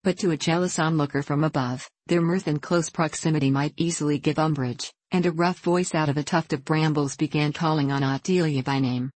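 A woman narrating a classic novel in measured, scripted audiobook style. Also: deep voice, steady tone, darkish tone, no room sound.

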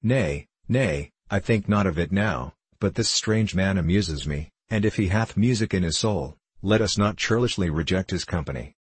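A man's voice: sits low, normal speed, few pauses, husky, no room sound. A man voicing a playful young woman who speaks in formal, old-fashioned phrasing. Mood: amused.

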